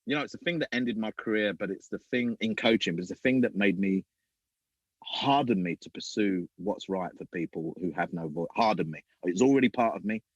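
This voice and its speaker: A man, a podcast guest and former youth football coach, telling animated stories and acting out other people's voices. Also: on the low side, brisk, breathy edge, no echo, muffled recording. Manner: acts out other people's voices, lively and emphatic. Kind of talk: animated storytelling.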